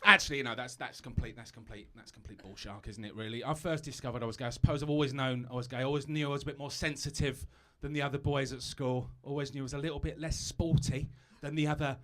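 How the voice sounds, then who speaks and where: A man's voice: mid-range voice, fairly even intonation, quick pace, hardly any pauses, pushed and bright. A British man doing a stand-up comedy set on a live stage, chatty and self-mocking, stumbling over asides.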